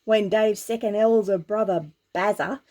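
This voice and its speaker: A woman with an Australian accent reading a humorous story aloud, animated and full of slang. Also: mid-range voice, a little slow.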